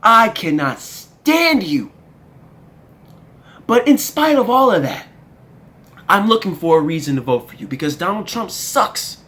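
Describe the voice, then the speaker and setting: Young adult commentator, furious profane political rant, wildly swinging pitch. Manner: indignant, profane, emphatic.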